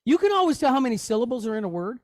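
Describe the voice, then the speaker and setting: A man teaching a Hebrew lesson in a relaxed, conversational way, often checking in with his listeners. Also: extremely high pitch, racing, no echo. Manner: conversational, checks in often with "okay?" and "you know". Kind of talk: casual teaching, explaining on screen.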